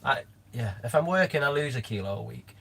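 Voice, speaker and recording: A man's voice: mid-range voice, animated, a little fast, vocal fry, fairly bright tone, slightly rough. A man co-hosting a casual livestream chat, reading out comments and making dry, teasing asides. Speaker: co-host reading viewer comments.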